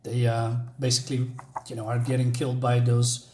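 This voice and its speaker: A man's voice: medium pitch, completely flat delivery, a little fast, dark tone, slight background noise. A man casually reviewing a comic book for his channel, rambling with many filler words and restarts.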